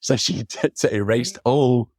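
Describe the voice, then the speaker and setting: A man's voice: mid-range voice, measured pace, a little mellow, dry recording. A man, a photographer, talking as a podcast guest, telling long rambling personal stories and mimicking the people he quotes. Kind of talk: reflective storytelling in conversation.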